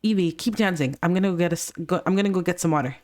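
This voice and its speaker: A woman's voice: fairly low pitch, rapid-fire, darkish tone, lightly acted. An indignant young man, voiced by a woman who calls his friend "bro" and demands answers. He pushes hard and sounds let down. The voice stays near a casual gamer's own. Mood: cheerful. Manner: pushy, bro slang, indignant.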